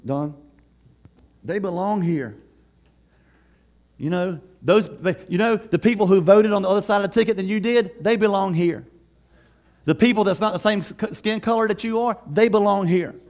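A man preaching a sermon as pastor, conversational and lively, laughing often and acting out quotes. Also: high voice, normal speed, pauses often.

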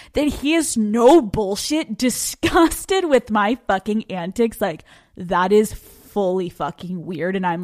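Brash, higher-voiced woman podcast host. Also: no echo, studio quality. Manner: frank and profane, laughs often. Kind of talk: candid storytelling monologue.

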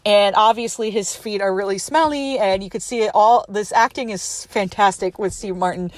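Woman chatting thru a movie plot, lively, dry close sound, mid pitch. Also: normal speed, dry recording. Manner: chatty, animated, quotes characters with voices. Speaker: movie recapper. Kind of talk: casual movie plot retelling.

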